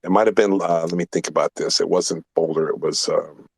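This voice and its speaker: A man's voice: low-pitched, steady tone, fairly quick, gravelly, a little mellow, husky, no echo. A man hosting a casual talk show, telling a rambling story full of swearing and emphatic asides. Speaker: podcast host.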